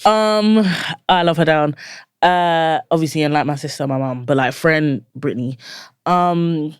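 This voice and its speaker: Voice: medium pitch, unhurried, clear, resonant tone, no room sound, clean studio sound. A guest with a London accent in casual podcast chat, telling stories animatedly and acting out reactions with swearing.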